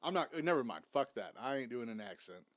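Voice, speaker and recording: A man's voice: medium pitch, big pitch swings, fairly quick, a little hiss or hum. A man hosting a watchalong stream, mocking and swearing through casual commentary while clips play. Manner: mocking, swears a lot, talks over clips. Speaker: stream host.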